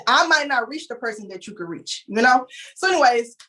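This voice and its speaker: Brief: young Texan woman, higher voice, candid and emotional storytelling, calls listeners "y'all". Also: lively intonation, fairly quick, sharp tone. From Houston, Texas. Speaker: interviewee. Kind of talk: casual storytelling.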